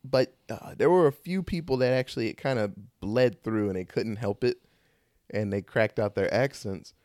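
A man hosting a casual horror-movie podcast, animated and joking. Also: on the low side, moderate pace, no echo, clean studio sound. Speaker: podcast host.

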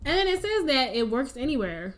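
A young woman with a high voice tells a story in an easy, chatty way. She acts out every quote, jumping up and down in pitch as she plays each person. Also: sing-song, brisk, a bit bright. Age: young adult. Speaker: podcast co-host. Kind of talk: casual storytelling chat.

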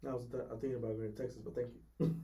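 A man's voice: mid-range voice, flat delivery, mellow, distant mic, a little hiss or hum. A man co-hosting a casual chat, telling car sales stories and acting out customers in quotes. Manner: fast-talking, acts out customers in quotes. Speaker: podcast co-host, car salesman.

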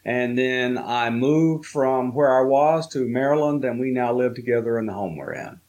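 A man, a guest on an interview show, slowly telling a personal story with many fillers and pauses. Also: mid-range voice, a little mellow, lo-fi sound. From Southern United States. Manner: slow, halting storytelling with fillers.

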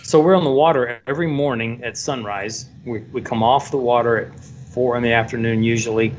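A man working as a photographer, telling a story in a casual, animated way and acting out the voices of the people in it. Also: medium pitch, a little fast. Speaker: photographer guest. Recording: dull lo-fi sound, faint background noise.

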